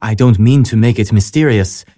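A man's voice: on the low side, moderate pace, warm tone, no echo, clean studio sound, lightly acted. An actor playing an earnest, polite young man in a radio drama. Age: young adult. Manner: earnest and polite, hesitant when moved. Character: earnest young male law graduate, devout and respectful. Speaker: young man seeking priesthood.

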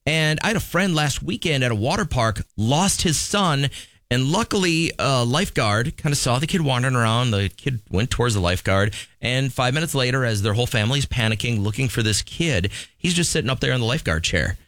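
A man's voice: mid-range voice, animated, brisk, fairly bright tone, dry recording. A man hosting a morning radio show, chatting casually with callers and a co-host in a joking, emotive way.

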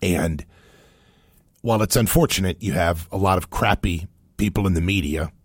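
A man's voice: low-pitched, normal speed, slightly rough, dry recording, studio quality. A man from Cincinnati hosting a show, chatting casually and with animation about video clips. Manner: animated, chatty, laughs often. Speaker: host.

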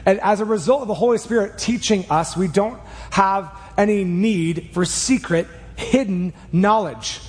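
A man preaching a sermon in a church, earnest and emphatic, speeding up and slowing down as he drives each point home. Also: high voice, in a large hall. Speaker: pastor. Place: church sanctuary. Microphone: clip mic.

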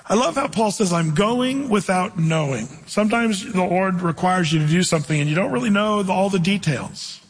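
Husky-voiced man preaching in a hall. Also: high voice, animated, moderate pace, few pauses. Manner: conversational Bible teaching with anecdotes. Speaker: pastor. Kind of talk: sermon.

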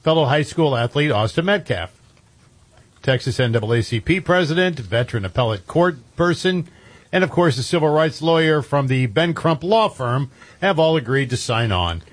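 A man's voice: fairly high pitch, expressive, moderate pace. A man co-hosting a talk radio show, blunt and wry with firm opinions. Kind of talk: news talk show chat.

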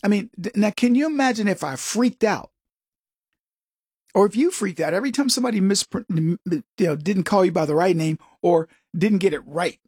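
A man's voice: high-pitched, brisk, darkish tone, husky, no room sound, clean studio sound. A man hosting an opinion commentary, talking straight to viewers in an emphatic way and often repeating words. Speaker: commentary host.

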